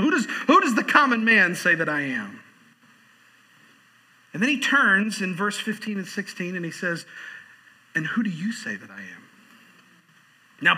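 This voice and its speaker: A man's voice: sits high, sharp tone, rough recording. A man pastor preaching a sermon in church, repeating phrases for emphasis and reading a quote aloud.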